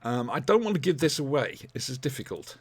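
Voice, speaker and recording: A man's voice: medium pitch, a little fast, husky. A man hosting a casual podcast, rambling with lots of ums as he reviews audio dramas. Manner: rambling, animated, many ums. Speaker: podcast host.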